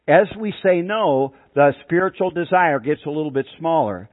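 A man preaching a sermon with a dramatic delivery, asking the congregation questions and slowing down for emphasis. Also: on the high side, animated, no echo. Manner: dramatic, shouts out acted cries in an illustration. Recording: tinny phone-like dry sound.

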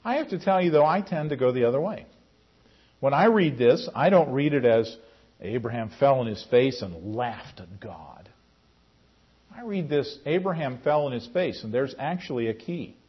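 Husky-voiced man teaching a Bible class. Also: lively intonation, fairly quick. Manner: conversational, calls on class members by name. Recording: muffled low-fidelity recording.

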